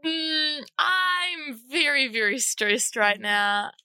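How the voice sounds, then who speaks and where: A woman's voice: high-pitched, lively intonation, sharp tone, dry recording. A twenty-year-old woman, co-hosting a podcast in playful casual chat. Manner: chatty and playful, quick to laugh. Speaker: podcast co-host. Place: podcast studio.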